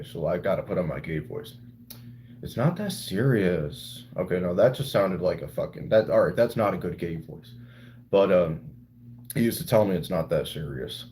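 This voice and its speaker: A man's voice: low voice, lively intonation, fairly quick, dark tone, a little hiss or hum. A young man chatting casually with viewers on a live stream, loose and rambling, swearing freely. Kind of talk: casual livestream chat with viewers.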